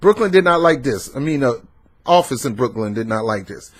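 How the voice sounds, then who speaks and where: A political commentator from the American South delivers an emphatic, repetitive rant, talking back at the people he discusses. His voice is medium in pitch, fairly quick, with lively intonation.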